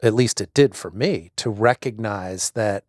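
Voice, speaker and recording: A middle-aged man with a lowish, slightly mellow voice speaks at a measured pace, reflecting thoughtfully and hesitantly in casual conversation and often restarting his sentences. He's a guest and a husband, recorded in a clean studio with no echo.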